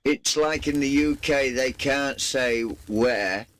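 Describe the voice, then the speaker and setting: A man's voice: medium pitch, takes it slowly, fairly bright tone. A man chatting casually and jokingly with viewers while streaming a game, playfully teasing and putting on mock indignation.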